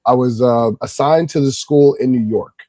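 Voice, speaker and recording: A man from Irvington, New Jersey, telling a casual story as a guest, calm and subtle, then rising in energy. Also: mid-range voice, normal speed, no room sound, low-quality recording. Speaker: guest, kids' Lego class instructor.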